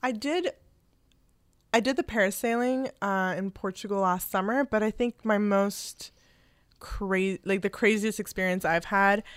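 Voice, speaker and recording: A woman's voice: mid-range voice, fairly even intonation, measured pace, clean tone, dry recording. A young woman in casual chat, speaking hesitantly with fillers and restarts.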